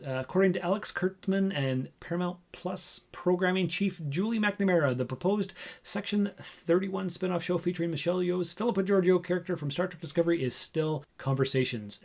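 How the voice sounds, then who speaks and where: A man hosting a relaxed podcast, his voice sitting a bit higher than most men's. He reads out news items, then chats and riffs on each one. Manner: chatty, reads headlines then riffs on them. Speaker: podcast host. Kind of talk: casual chat reading news.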